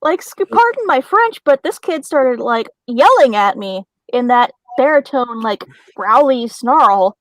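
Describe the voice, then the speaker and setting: A woman casually telling a paranormal story to friends, animated and laughing often as she talks. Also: a little high, unhurried, few pauses, no room sound, low-quality recording. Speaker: paranormal storyteller on a group call.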